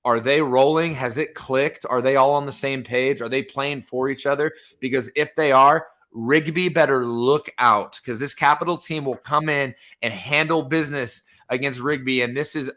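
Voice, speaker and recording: A man co-hosting a sports podcast talks through the games in an excited, casual way. His voice sits at an ordinary pitch but sounds bright and forceful, with a clear edge on every phrase. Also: moderate pace, few pauses. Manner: excited game-by-game breakdown. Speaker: podcast co-host.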